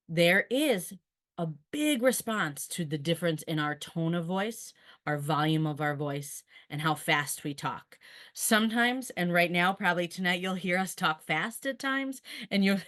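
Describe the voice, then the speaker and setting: A woman's voice: lowish voice, fairly bright tone. A woman who is a special education teacher, giving earnest, practical advice in a webinar over a video call. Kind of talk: webinar presentation.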